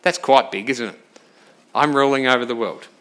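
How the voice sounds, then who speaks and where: A man preaching a sermon, lively and direct, asking the congregation questions and moving between loud emphasis and quiet asides. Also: mid-range voice, moderate pace. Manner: animated, talks straight to the congregation with questions.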